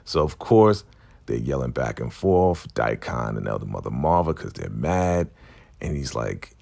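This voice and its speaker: A man giving a casual, animated recap of a TV episode and acting out the characters' lines. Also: very deep voice, unhurried, gravelly. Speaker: TV recap vlogger.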